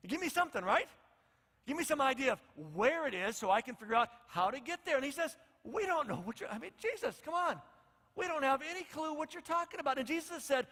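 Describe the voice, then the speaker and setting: A man's voice: very high-pitched, sing-song, fast, pushed and bright, husky, long reverb tail. A male pastor preaching a conversational sermon, acting out the lines of the people in his story. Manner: conversational, acts out the disciples' lines.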